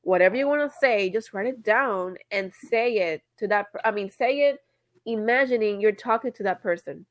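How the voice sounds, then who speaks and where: A woman's voice: mid-range voice, moderate pace, no echo. A woman co-hosting a podcast in casual chat, blunt and emphatic, swearing casually. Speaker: podcast co-host.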